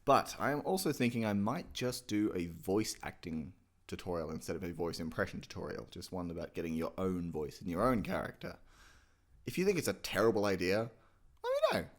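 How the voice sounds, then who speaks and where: Rambling man with a lively low voice. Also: fairly quick. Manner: rambling, swearing, self-mocking. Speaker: channel host teaching impressions. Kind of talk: casual comedic tutorial.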